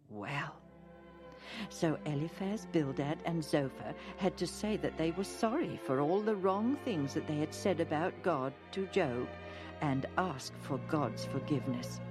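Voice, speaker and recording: Slow gentle woman storyteller over music. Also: sits low, animated, slightly rough, no room sound. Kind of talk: Bible storybook narration.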